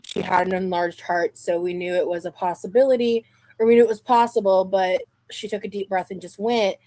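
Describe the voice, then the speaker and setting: A woman's voice: mid-range voice, steady tone, a little fast, warm tone. A young adult woman streaming live, chatting casually and rambling with restarts and fillers.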